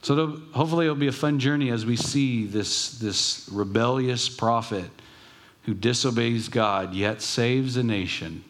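A man's voice: medium pitch, measured pace. A man preaching a sermon as pastor, earnest, with emphatic rising bursts.

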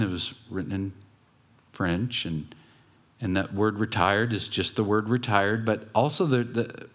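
A pastor giving a conversational sermon, telling stories with pauses and restarts. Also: male voice, on the low side.

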